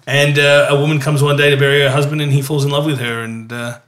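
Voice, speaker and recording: A man's voice: a little high, flat delivery, fast, a bit bright. A man hosting a casual group chat about films, rambling with fillers and laughing often. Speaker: podcast host.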